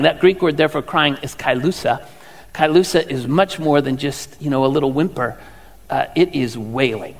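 A man preaches a sermon in a chatty, questioning way, his voice pitched high for a man. The sound carries a long hall reverb. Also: vocal fry. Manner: conversational preaching with rhetorical questions. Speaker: pastor.

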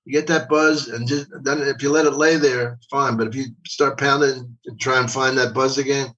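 Rambling older comedian from Philly. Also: male voice, medium pitch, steady tone, normal speed, bright, forceful tone, dull audio. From Philadelphia. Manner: rambling, repeats words, profane. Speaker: guest comedian. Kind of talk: casual storytelling. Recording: voice from a distance.

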